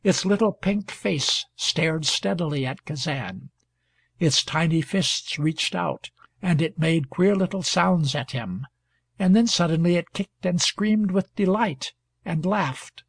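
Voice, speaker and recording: A man narrating a novel as an audiobook in a steady, measured storytelling manner. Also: on the high side, vocal fry, slightly rough, dry recording. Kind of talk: scripted narration.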